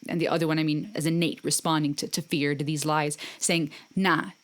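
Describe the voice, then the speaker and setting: A woman's voice: low-pitched, little pitch movement, brisk. A woman hosting a music reaction video, talking casually and earnestly, with encouraging, faith-based remarks to her viewers.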